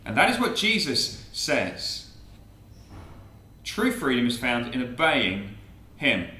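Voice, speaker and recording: Animated man giving a talk. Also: medium pitch, slow pace, roomy sound, distant mic. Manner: animated, theatrical, acts out quotes and a comic poem. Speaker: speaker at a student Christian meeting. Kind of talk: evangelistic talk.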